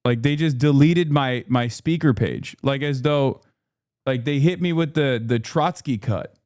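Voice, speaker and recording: A man from the United States talks live to his stream audience in a fast, run-on, frustrated rant, swearing freely and stumbling over restarts. His voice sits at an ordinary male pitch and is recorded close and dry, with no room sound. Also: a little mellow, no echo. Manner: profane, exasperated ranting; rapid run-on talk with many fillers and restarts.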